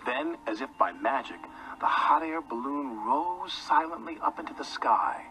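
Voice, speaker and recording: A man narrating a children's story in a lively, expressive storytelling manner. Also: mid-range voice, a little slow, rough recording. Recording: narration with music behind. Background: music.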